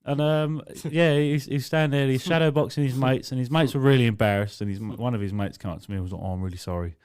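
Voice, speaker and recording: A man's voice: medium pitch, fast, darkish tone, smooth. A man, a podcast co-host and doorman, telling a blunt, rambling, sweary story in casual chat. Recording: raw, unedited podcast.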